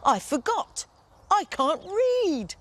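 A woman voicing an excitable, noisy male giant in a bedtime storybook. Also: takes it slowly, full character voice. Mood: excited. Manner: loud, eager and high.

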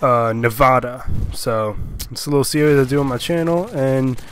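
Young guy, a little under the weather, doing casual rambling comedic commentary at a medium pitch. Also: moderate pace, slight background noise. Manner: rambling and jokey, with many fillers and silly voices. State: sick. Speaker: online video commentator. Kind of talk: casual commentary reading out odd laws.

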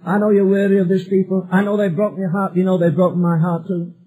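A man's voice: high-pitched, little pitch movement, fast, warm tone, natural voice, rough recording. A male preacher voicing God in a sermon as a weary, exasperated figure who talks bluntly and confidingly to Moses. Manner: blunt and conversational.

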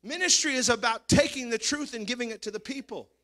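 Bright-toned, high-pitched preaching man. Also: fast talker. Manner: swings from hushed asides to shouted preaching; mimics congregation members for effect. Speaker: pastor. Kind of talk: sermon.

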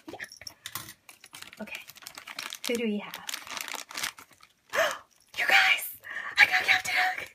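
A woman vlogger opening blind boxes on camera at home, gushing and giddy, jittery with excitement, swinging between squeals and hushed whispers. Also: sits high, very noisy. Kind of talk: excited unboxing chat.

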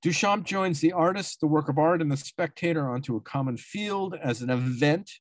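This academic speaker, whose voice is a little high, delivers a symposium paper at a moderate pace in a dry recording. He reads dense prose, regularly stumbling over long words and correcting himself or restarting.

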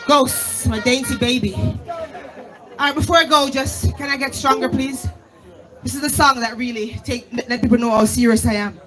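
A Jamaican woman, a dancehall artist on stage, shouting greetings and hyping the crowd during a live show. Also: high voice, moderate pace. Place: live club event on stage. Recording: loud live event with music and crowd. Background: loud music and cheering crowd.

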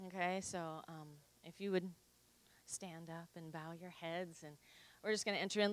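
Soft-spoken woman leading church prayer. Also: fairly low pitch, fairly even intonation, moderate pace, no echo. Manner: earnest, soft-spoken, repeats "Lord God" in prayer. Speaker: pastor's wife leading prayer. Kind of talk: greeting and prayer.

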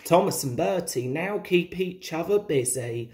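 Woman storyteller, children's book reading, slow pace, lively lower voice. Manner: gentle, expressive, confiding.

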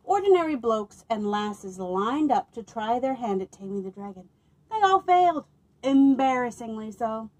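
A woman working as a children's librarian, reading picture books aloud to children with expressive delivery and playful asides. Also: on the high side, moderate pace, poor audio.

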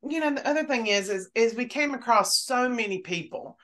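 A woman on a podcast panel, chatting casually and telling animated stories, swearing freely. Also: fairly high pitch, fairly quick. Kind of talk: casual chat.

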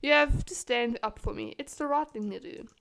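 A woman's voice: on the high side, normal speed, gravelly, fairly bright tone, a little hiss or hum. A woman voicing an indignant young dressage rider who demands support. She is sick.

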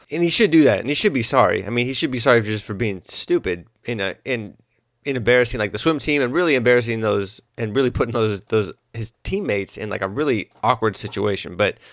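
A man's voice: mid-range voice, no room sound, clean studio sound. A young adult man hosting his own podcast, rambling through a comedic monologue. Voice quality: animated, rambling. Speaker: podcast host.

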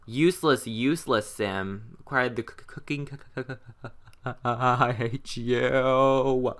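A man's voice: medium pitch, slow, fairly bright tone. A man hosting a let's play, giving exasperated, sarcastic running commentary as he plays. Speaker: gaming channel host.

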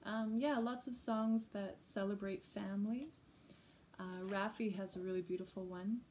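A woman music educator giving a gentle, chatty teaching talk to teachers and parents. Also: mid-range voice, steady tone, moderate pace, a little hiss or hum. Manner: gentle, chatty, breaks into short sung examples. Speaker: early childhood music educator.

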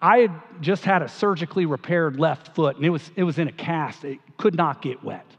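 A middle-aged man with a higher-than-usual voice delivers a eulogy as a pastor, and his tone is casual and humorous. The sound is muffled and dull, and a long reverb trails after his words in a church hall. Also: fairly quick. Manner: conversational, humorous storytelling. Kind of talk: memorial eulogy storytelling.

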